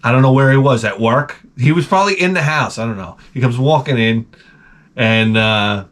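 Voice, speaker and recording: Guy ranting about his family, swears a lot, mutters the side jokes, middle pitch. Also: moderate pace. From United States. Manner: profane, animated, drops to mutters for asides. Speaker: channel host. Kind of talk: rambling comedic storytelling.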